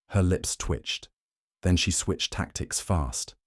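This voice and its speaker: Brooding deep male narrator. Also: a little mellow, dry recording, clean studio sound. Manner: brooding, measured, vengeful. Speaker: storyteller. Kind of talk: first-person dramatic narration.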